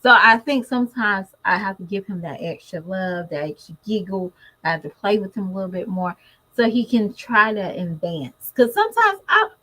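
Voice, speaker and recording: A woman's voice: mid-range voice, normal speed, rough recording. A woman, a mother, talking casually and animatedly to her viewers in a vlog. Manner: chatty, animated, talks straight to viewers. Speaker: mother vlogger. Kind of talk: casual chat to camera.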